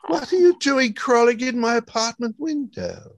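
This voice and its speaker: Actor for a stuffy, pompous gent, indignant, dry close sound. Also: male voice, extremely high pitch, lively intonation, normal speed, dry recording. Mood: affronted. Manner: stuffy, affronted, fussy. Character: prim, pompous man, the ex-boyfriend.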